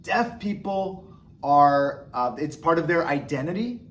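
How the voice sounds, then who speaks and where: A man with a fairly high-pitched voice explains signs to learners one step at a time. He talks patiently and pauses often to check in with a quick "okay?" before moving on. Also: expressive. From United States. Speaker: sign language teacher. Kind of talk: instructional explanation.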